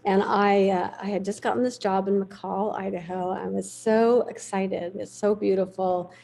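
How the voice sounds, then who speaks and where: A middle-aged woman recounts an old career story with lively, animated storytelling, acting out the people she quotes. Her voice has a gravelly fry and a dark, mellow tone. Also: medium pitch, normal speed, poor audio. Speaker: veterinarian guest. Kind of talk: storytelling in a podcast interview.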